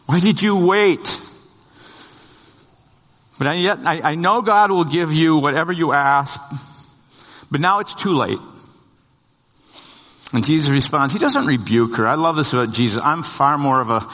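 A man's voice: normal speed, long pauses, sharp tone. A male pastor preaching a sermon in a conversational, storytelling way, voicing the lines of the people in the story and building to emphatic peaks. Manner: conversational storytelling, restarts, voices the disciples' lines; rises in pitch and volume to emphatic peaks. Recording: long hall reverb.

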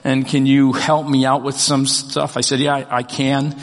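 Older folksy pastor in a reverberant church. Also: male voice, mid-range voice, level tone, moderate pace. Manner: folksy, joking storyteller. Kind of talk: sermon. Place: church sanctuary.

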